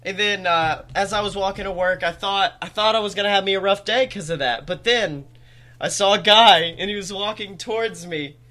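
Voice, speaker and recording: A young man co-hosting a comedy podcast, telling animated, jokey stories and swearing freely in casual chat. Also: high-pitched, a little fast. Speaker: podcast co-host.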